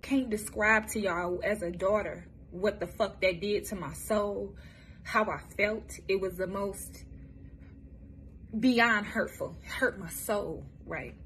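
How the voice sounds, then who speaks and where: Speaking straight to the camera, a young Michigan woman gives a candid personal testimony full of swearing, halting and restarting as she goes. Her voice is mid-range and a bit bright, with slight background noise.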